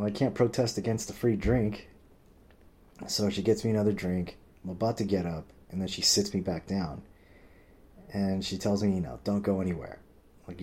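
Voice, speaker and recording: Deep-voiced guy rambling thru a story, cusses a ton, says like a lot. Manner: rambling, swears a lot, heavy use of "like"; acts out quoted people with pitch jumps. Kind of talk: casual storytelling.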